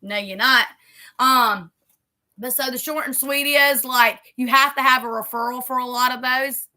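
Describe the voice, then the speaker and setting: A woman's voice: high-pitched, fairly even intonation, moderate pace, sharp tone. A middle-aged woman, chatting casually and rambling as she decorates a planner for her vlog. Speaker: vlogger.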